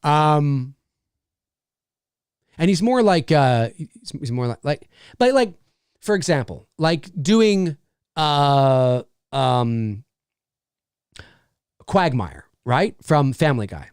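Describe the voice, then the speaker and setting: Animated, rambling male livestream host. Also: on the high side, slow pace, pauses often, clear, resonant tone, dry recording, studio quality. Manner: animated, rambling, with many restarts and fillers. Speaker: host and voice actor. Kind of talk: casual livestream chat.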